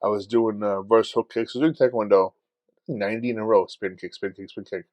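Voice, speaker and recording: A man co-hosting a podcast in casual chat, telling stories in a profane, animated way and acting out his own shouting. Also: on the low side, a little fast, no echo. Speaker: podcast co-host.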